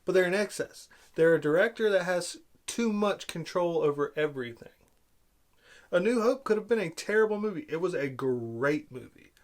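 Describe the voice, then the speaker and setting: A man giving an exasperated, sarcastic film review rant, swinging between loud outbursts and low muttering. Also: lively intonation, normal speed. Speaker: movie reviewer.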